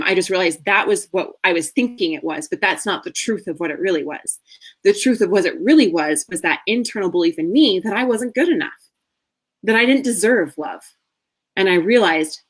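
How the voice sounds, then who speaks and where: A woman in her thirties, a marriage coach, telling a candid personal story in a masterclass with earnest warmth and the odd soft laugh. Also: mid-range voice. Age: 30s.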